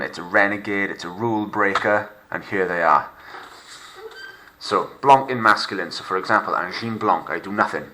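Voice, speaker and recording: A man with a Welsh accent teaching a recorded lockdown French lesson over slides. He is upbeat and playful, and slows right down to model French words for students to repeat. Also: fairly low pitch, bright, forceful tone, slight background noise, rough recording. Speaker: secondary school French teacher.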